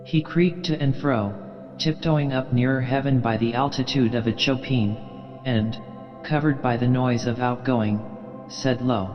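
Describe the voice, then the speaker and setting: Male audiobook narrator, even and steady; dull, muffled recording with a reverberant tail. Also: medium pitch, unhurried, soft background music.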